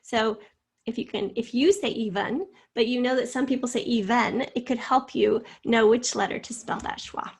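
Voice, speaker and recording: A middle-aged woman teaches a spelling lesson in a somewhat high, husky voice. She says each word slowly and carefully, then puts it in an example sentence. Her delivery is patient and methodical. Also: fairly even intonation.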